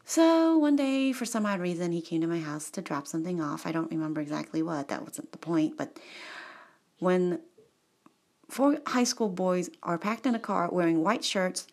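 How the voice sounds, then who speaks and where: A woman's voice: lowish voice, normal speed. A woman vlogger telling a rambling personal story, often cutting herself off, going off on tangents and laughing. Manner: digressive, self-interrupting, laughs often; animated and chatty.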